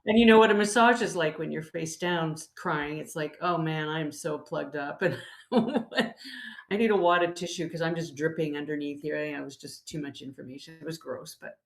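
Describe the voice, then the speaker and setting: A woman's voice: sits low, normal speed, gravelly, echoey room. A woman hosting a casual podcast chat, tired from poor sleep, telling candid stories. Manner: candid, storytelling with laughs. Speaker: podcast host.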